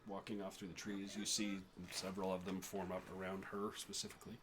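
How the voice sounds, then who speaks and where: A man narrating as game master of a tabletop role-playing game, describing scenes in a halting way with fillers. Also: deep voice, monotone, noisy background.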